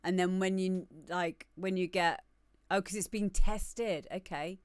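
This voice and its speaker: A woman's voice: lowish voice, steady tone, a little slow, smooth, dry recording. A woman with a British accent hosting a live music stream, chatting casually as she reacts to a video. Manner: easygoing, reacting aloud to a video.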